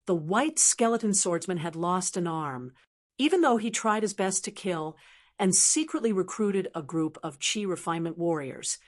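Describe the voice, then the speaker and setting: A woman giving scripted audiobook narration in an even, measured reading. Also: on the low side.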